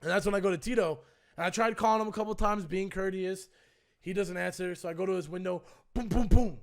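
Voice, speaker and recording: A young man streaming, retelling a personal story in a casual, animated way and acting out both sides with swearing. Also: high voice, quick pace. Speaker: streamer and co-host.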